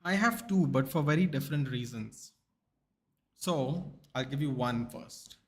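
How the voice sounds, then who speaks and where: Hosting a live football watchalong for a sports channel, a man chats casually and answers viewer questions in the chat, tired after a sleepless night. His voice is medium-pitched, animated and a little slow.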